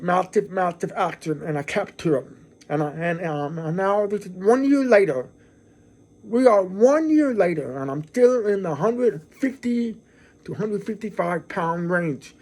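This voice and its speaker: A man's voice: high-pitched, darkish tone. A middle-aged man hosting his own vlog, talking casually to the camera in an earnest, effusive way, often repeating and restarting his words. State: emotional, near tears. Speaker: channel host.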